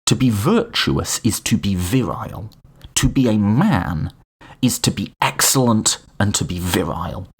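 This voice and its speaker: Male podcast host, low husky voice, lively pitch, casual lecture with asides. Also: measured pace. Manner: animated and informal, frequent restarts and asides. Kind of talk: casual lecture on political philosophy.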